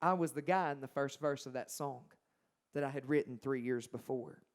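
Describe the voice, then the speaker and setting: A man's voice: medium pitch, normal speed. Emphatic man telling his testimony. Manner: emphatic, dramatic swings from loud to hushed. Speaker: Christian singer-songwriter giving his testimony. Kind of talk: personal testimony storytelling.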